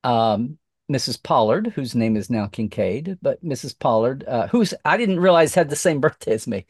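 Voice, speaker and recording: Animated middle-aged man telling a story. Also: medium pitch, moderate pace, slightly rough, no echo, studio quality. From Oklahoma. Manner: animated, acts out quoted voices, many restarts. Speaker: podcast guest. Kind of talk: casual storytelling chat.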